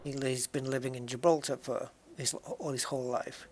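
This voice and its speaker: A man's voice: medium pitch, fairly even intonation, moderate pace, a little mellow, a little hiss or hum. A man chatting casually as he plays a game, rambling and often restarting his sentences. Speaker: game streamer. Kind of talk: casual chat while gaming.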